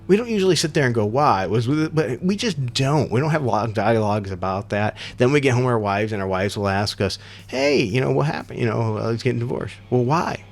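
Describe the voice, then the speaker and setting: Gravelly middle-aged man reviewing comics. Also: mid-range voice. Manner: opinionated, rambling, self-deprecating asides. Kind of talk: casual comic review monologue.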